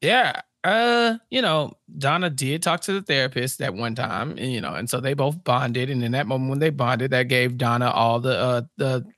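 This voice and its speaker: A man's voice: medium pitch, normal speed, few pauses, no echo, clean studio sound. A man co-hosting a podcast, recapping a TV episode in casual chat and acting out the characters' lines as he goes. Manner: animated, acts out characters' lines mid-story. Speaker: podcast co-host.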